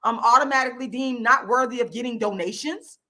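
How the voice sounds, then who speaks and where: Woman vlogger, fiery profane rant, bright and forceful tone, higher-pitched voice. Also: brisk. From Florida, US. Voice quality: loud, profane, repetitive emphatic delivery. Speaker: YouTube channel host. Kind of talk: angry direct-to-camera rant.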